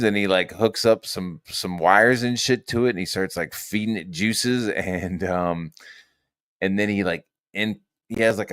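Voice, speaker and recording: A man's voice: sits low, a bit bright. A man hosting a podcast who tells stories in a rambling, profane casual chat full of fillers. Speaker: podcast host.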